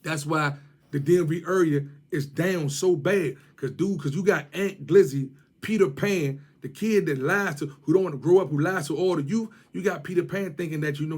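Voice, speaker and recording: A man with a Washington DC area accent, ranting and mocking someone to camera in heavy street slang, repeating his jabs. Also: fairly high pitch. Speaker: vlogger.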